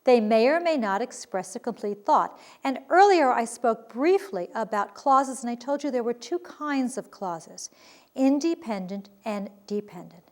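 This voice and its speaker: Lively high-voiced woman teaching grammar. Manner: clear, deliberate explanation with emphatic readings of examples. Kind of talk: recorded grammar lesson.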